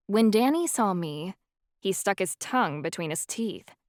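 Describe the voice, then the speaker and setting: A woman's voice: medium pitch, expressive, unhurried, darkish tone, dry recording. Dry-voiced woman narrating an audiobook. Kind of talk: first-person audiobook narration.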